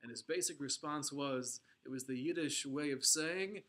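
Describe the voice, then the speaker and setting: Bright-voiced man telling a religious story. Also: a little high, normal speed. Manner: dramatic, emphatic storytelling with Hebrew and Yiddish terms. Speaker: Torah teacher.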